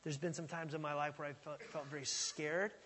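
A man preaching a sermon as pastor, talking conversationally and with animation, swinging from loud emphasis to hushed asides. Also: fairly high pitch, flat delivery, brisk. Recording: long reverb of a large hall.

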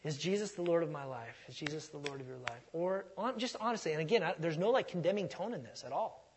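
A middle-aged man preaching a sermon in a conversational way, moving between soft asides and loud emphatic lines. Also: fairly high pitch, animated, fast talker, big-room sound, a little hiss or hum. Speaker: pastor.

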